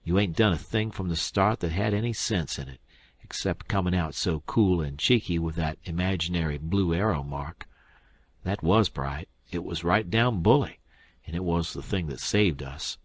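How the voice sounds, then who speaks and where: A man doing a scornful, brisk swindler. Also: low-pitched, no room sound. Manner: brisk, sarcastic, forceful. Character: sharp-tongued male swindler, brisk and scornful.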